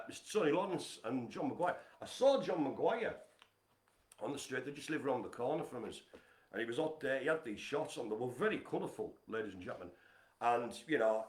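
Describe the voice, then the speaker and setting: A man hosting a casual live stream from home, chatty and teasing as he gives shout-outs. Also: medium pitch, echoey room. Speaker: livestream host. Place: home apartment.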